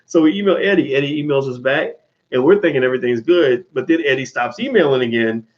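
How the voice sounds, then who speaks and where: A man's voice: mid-range voice, quick pace. A middle-aged man giving a casual, emphatic monologue as a commentator, often restarting his sentences. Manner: animated, emphatic, frequent restarts. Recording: dull lo-fi sound.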